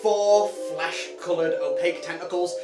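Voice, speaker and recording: A woman narrating a tabletop game as game master, giggly and lively. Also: lowish voice, moderate pace, roomy sound, far from the mic, over music.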